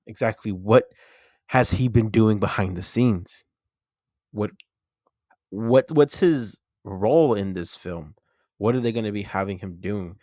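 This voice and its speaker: A young man hosting a movie channel, chatting excitedly and correcting himself as he breaks down a trailer. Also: on the low side, dry recording, muffled recording. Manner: excited, chatty, self-correcting fan talk.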